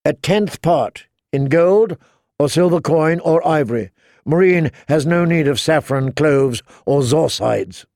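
A woman's voice: deep voice, expressive, unhurried, gravelly, darkish tone, dry recording, clean studio sound, exaggerated voice. A man voicing a stern, proud young queen with a firm, commanding delivery.

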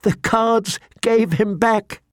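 A man's voice: a little high, lively intonation, a little slow, gravelly, no echo, clean studio sound. A man reading an audiobook, voicing an earnest, emotional young man in eager outbursts. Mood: overjoyed.

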